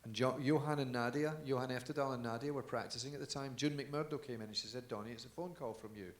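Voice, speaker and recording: A man tells a story on stage at a live event, easy and anecdotal, breaking into laughs. His voice sits at an ordinary middle pitch. The room is big, and his voice echoes off the walls of the conference hall. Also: fast talker. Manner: chatty anecdotal telling, with laughs. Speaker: guest dancer on stage.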